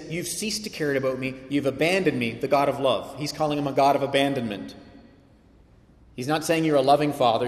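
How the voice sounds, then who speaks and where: A man in his thirties preaches with earnest conviction, raising his somewhat high voice to emphatic peaks and posing rhetorical questions to his congregation. His words ring out with a long reverb that fills a large hall. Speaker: pastor. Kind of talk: sermon.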